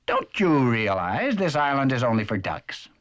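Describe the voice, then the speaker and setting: A man's voice: medium pitch, sing-song, normal speed, fairly bright tone, muffled recording. A man voicing a grumpy male duck in a children's cartoon, with a crotchety, bossy manner. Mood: haughty.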